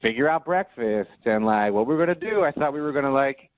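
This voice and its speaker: A man's voice: mid-range voice, expressive, fast talker, no room sound. Sheepish young man on a phone line. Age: 20s. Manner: sheepish, rambling storytelling. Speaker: caller. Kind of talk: phone call to a radio show.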